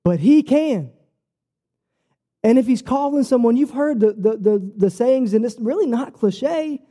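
A preacher, a man with a high voice, tells his own testimony in an earnest, personal way. His tone is very dark and mellow despite the pitch, and his delivery rises and falls as he speaks. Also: measured pace. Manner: earnest, personal storytelling with lively shifts in pitch. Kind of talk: sermon.

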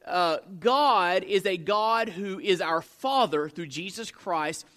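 High, bright-voiced male preacher. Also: slow. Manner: preaching with rhetorical questions and many fillers. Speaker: pastor. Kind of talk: sermon.

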